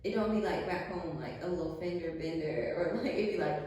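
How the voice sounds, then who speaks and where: A young woman chatting casually, telling stories in an animated way with lots of "like". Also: on the low side, fairly quick, recorded from a distance, slight background noise. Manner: animated storytelling, frequent "like", laughs. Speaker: vlog host. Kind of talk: casual chat. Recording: echoey room, away from mic.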